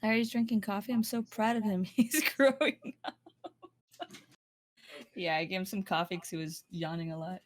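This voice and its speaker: A woman's voice: medium pitch, normal speed, pauses often. A young woman chatting and teasing her friend while he streams a game. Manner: giggly, teasing. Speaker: stream co-host. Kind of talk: casual chat.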